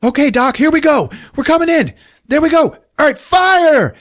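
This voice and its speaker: A man voicing an eager male space hero pilot, calling out in a raised, excited voice. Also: extremely high pitch, drawn-out words, no room sound, clean studio sound, pitched above the performer's own voice, full character voice.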